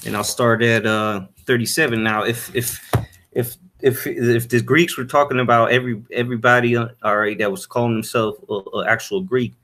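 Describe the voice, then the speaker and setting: Halting man teaching from scripture. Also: mid-range voice, flat delivery, fairly bright tone, a little hiss or hum. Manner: halting, many fillers and "all right?" tags; reads verses aloud in old-fashioned wording. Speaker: Bible teacher.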